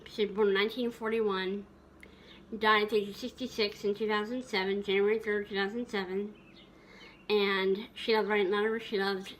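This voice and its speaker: A woman's voice: medium pitch, a bit bright, a little hiss or hum. A woman vlogger reminiscing tenderly in a casual, rambling way, with many fillers and restarts.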